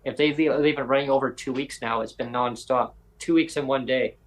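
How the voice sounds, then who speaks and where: Guy rambling through a story, middle pitch, lots of "i said, she goes". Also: fairly even intonation, normal speed, rough recording. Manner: rambling anecdote teller with voiced quotes and self-corrections. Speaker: podcast host. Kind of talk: casual storytelling chat.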